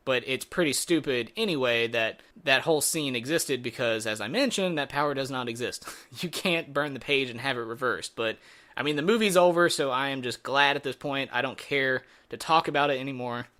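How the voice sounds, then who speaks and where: A man's voice: medium pitch, a little fast, pushed and bright. A man giving a casual spoken movie review in a sarcastic, exasperated way.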